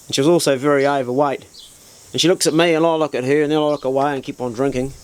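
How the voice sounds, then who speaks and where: A man's voice: medium pitch, steady tone, fast, smooth. A man telling a bawdy story in a casual, crude and self-mocking way, talking straight to the listener.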